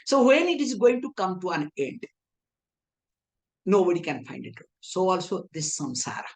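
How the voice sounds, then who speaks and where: A woman's voice: lowish voice, big pitch swings, normal speed. Woman teaching with rhetorical questions. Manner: asks rhetorical questions and answers them herself; playful teasing asides. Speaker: spiritual teacher. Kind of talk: scripture lecture in English.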